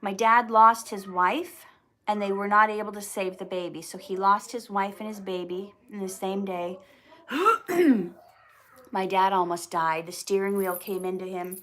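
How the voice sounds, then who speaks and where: A woman hosting a casual livestream, clearing her throat often and restarting her sentences as she tells a personal story, sounding teary. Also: medium pitch, fairly even intonation, measured pace, a bit bright. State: teary, emotional. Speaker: YouTube channel host answering viewer questions.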